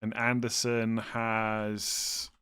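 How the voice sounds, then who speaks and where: A man's voice: lowish voice, monotone, drawn-out words, a bit bright, clear, resonant tone. Casual man reading live chat questions. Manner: thinks aloud, reads chat, self-mocking humor. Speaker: streamer answering viewer questions.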